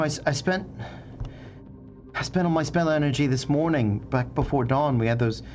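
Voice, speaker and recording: A man's voice: medium pitch, darkish tone, natural voice. A man voicing a young halfling girl healer who stammers and apologizes.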